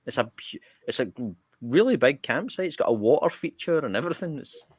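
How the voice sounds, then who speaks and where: A man with a broad Scottish accent casually telling an anecdote on a podcast, animated and swearing freely. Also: on the high side, fairly quick, husky, no room sound, clean studio sound. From Scotland. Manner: animated, swears freely, jumps into quoted voices. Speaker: podcast co-host.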